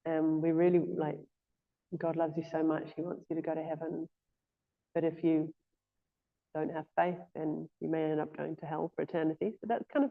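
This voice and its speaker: A woman's voice: low voice, fairly even intonation, moderate pace, creaky. A woman giving an informal scripture class in a temple, speaking hesitantly with frequent "um" and "yeah" fillers. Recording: thin phone-like lo-fi audio.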